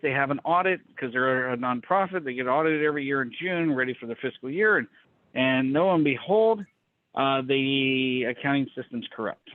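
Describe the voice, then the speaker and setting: A man coaching small business owners on a call, telling a story bluntly and acting out quotes. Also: no echo. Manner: blunt, animated, acts out quotes in a higher voice. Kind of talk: casual storytelling talk. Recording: tinny phone-like call line.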